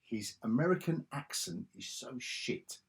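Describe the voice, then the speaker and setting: A man's voice: fairly high pitch, animated, unhurried, vocal fry, breathy edge. A man giving a casual video review, ranting sarcastically and exasperatedly, with frequent restarts. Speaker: film reviewer.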